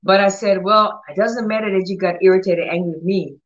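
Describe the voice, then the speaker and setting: A woman preacher telling a healing testimony in an animated way, acting out the dialogue as she goes. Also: medium pitch, a little fast, muffled recording, slight background noise. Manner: animated storytelling, acts out dialogue. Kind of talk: testimony teaching.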